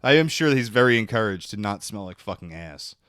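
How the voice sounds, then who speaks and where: Blunt, swearing man with a lively voice. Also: fairly low pitch, fast talker, clean tone, no room sound, studio quality. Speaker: podcast co-host. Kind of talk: casual profane debate chat.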